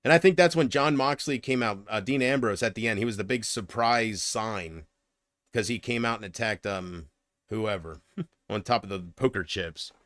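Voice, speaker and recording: On his own livestream, a man chats loosely and profanely, rambling, cracking himself up, and bursting into loud mocking impressions. His voice is lowish at normal speed, captured in a dry, studio-quality recording.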